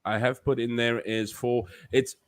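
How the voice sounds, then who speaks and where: A man's voice: mid-range voice, little pitch movement, a little slow. A man hosting a live stream, chatting casually, rambling and joking as he reads out the chat.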